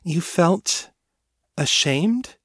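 A wary young woman from another world, voiced by a male narrator, slow and formal, weighing every word without contractions. Her voice sits higher than the narrator's own. The recording is dry and close, with no room sound. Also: animated, a bit bright, breathy edge, no echo, full character voice.

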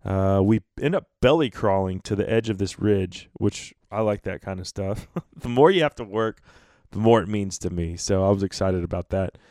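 Low-voiced male hunting storyteller. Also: normal speed, no echo, studio quality. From North America. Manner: animated storyteller, acts out quotes, laughs often. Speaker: podcast host.

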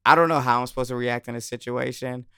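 A man telling a personal story in casual chat, animated, swearing and laughing often, on a close mic. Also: mid-range voice, quick pace, clean tone, no room sound.

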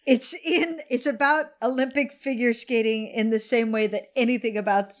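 A woman with a fairly high voice recounts a movie in casual chat, animated and a little tipsy. She laughs often and slips into quick acted-out lines as she goes.

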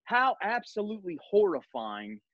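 A man's voice: high-pitched, very animated, moderate pace, no echo, muffled recording. A man hosting a podcast who leads a Bible study conversation, reading scripture aloud and making his points with earnest emphasis. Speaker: podcast host.

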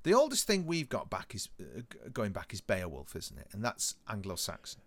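A man's voice: lowish voice, moderate pace, dry recording. A man chatting casually as a podcast co-host, enthusiastic and often laughing. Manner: enthusiastic, laughing, animated storytelling. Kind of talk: casual chat.

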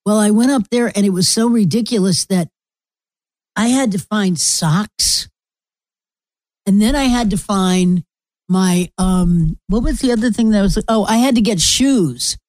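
A middle-aged woman living in Florida hosts her own podcast, spinning rambling, blunt, sometimes profane stories in a casual monologue. She speaks unhurriedly at a medium pitch, her tone a little mellow, with no echo.

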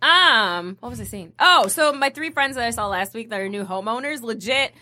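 A woman co-hosting a casual podcast chat, animated and quick to laugh. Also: fairly high pitch. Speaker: podcast co-host.

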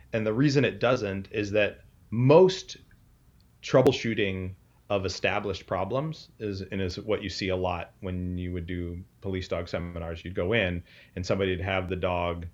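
Low-voiced man explaining dog training. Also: normal speed, highs cut off. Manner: emphatic, explanatory, frequent "right?" tags. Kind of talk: casual podcast chat.

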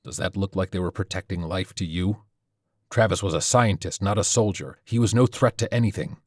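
A man voicing an angry male squad leader who talks in clipped, forceful bursts and curses. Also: deep voice, brisk, dry recording, clean studio sound. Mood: furious.

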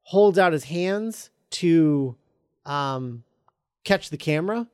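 Halting man retelling a script, dry sound. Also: on the high side, clear, resonant tone, no echo. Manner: halting, full of ums and uhs, reads quoted lines flatly. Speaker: podcast host retelling a film script. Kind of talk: casual chat.

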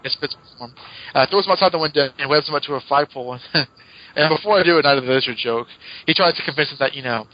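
A man's voice: on the high side, fast talker, dry recording, lo-fi sound. A man co-hosting a casual comic book podcast, retelling plots in a chatty way and laughing often. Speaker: podcast co-host.

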